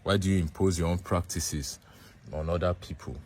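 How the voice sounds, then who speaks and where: A Nigerian man delivers a measured, earnest appeal to camera. His voice is extremely deep. A faint hiss of background noise runs under the recording. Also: fairly even intonation, a little mellow. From Benue State, Nigeria. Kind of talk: social media appeal.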